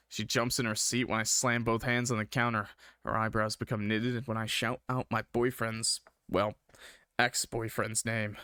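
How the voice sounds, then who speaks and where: A man's voice: fairly low pitch, flat delivery, normal speed, pushed and bright, smooth, no echo, studio quality. A young man streaming a visual novel, reading the story aloud with a dramatic tone and breaking off for casual jokes. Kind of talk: reading a game aloud with jokey asides.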